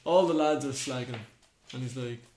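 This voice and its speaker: A man's voice: mid-range voice, brisk, a little mellow, slight background noise. A man with a mid-range voice retells myths in easy, casual podcast chat. He acts out the characters' lines as he goes. The recording has a roomy echo. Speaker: podcast co-host.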